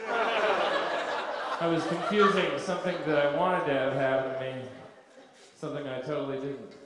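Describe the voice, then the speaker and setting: A man performing a stand-up comedy set on a club stage, telling stories in a deadpan way with absurd punchlines. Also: a little high, moderate pace, very noisy. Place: comedy club stage before a live audience. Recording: echoey club with crowd laughter. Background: audience laughter.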